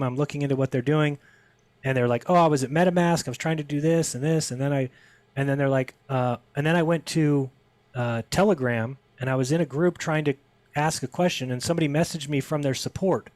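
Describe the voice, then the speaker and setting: A man's voice: mid-range voice, fairly even intonation, fairly quick, darkish tone, dry recording. A man as a podcast guest, telling a story in casual conversation and acting out the people he quotes with a raised voice.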